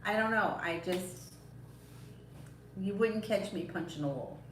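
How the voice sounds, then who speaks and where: A woman's voice: medium pitch, unhurried, distant mic. A woman doing casual live-stream tarot readings, chatty and reassuring, rambling along with fillers and small laughs. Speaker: tarot reader. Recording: echoey room, voice a bit off-mic, faint background noise.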